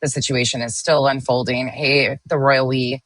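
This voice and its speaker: Low-pitched, bright-voiced woman streamer. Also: fairly even intonation, normal speed, no echo. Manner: greets viewers by name while reading chat, blunt and sometimes swearing. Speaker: livestream host. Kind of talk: casual livestream chat.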